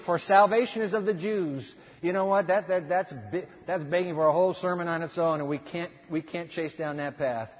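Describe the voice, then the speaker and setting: Male pastor preaching, fairly high voice, big echoey church, kinda muffled sound. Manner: dramatic storytelling, swings from hushed to loud and emphatic. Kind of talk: sermon. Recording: muffled recording with long hall reverb.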